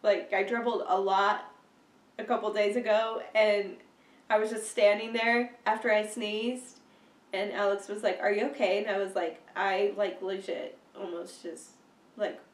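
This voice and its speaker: A woman's voice: mid-range voice, fairly even intonation, normal speed, distant mic. A young woman, stuffy with a cold, chatting casually in a vlog update with lots of fillers and laughter. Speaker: vlogger. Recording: roomy sound, a bit off-mic.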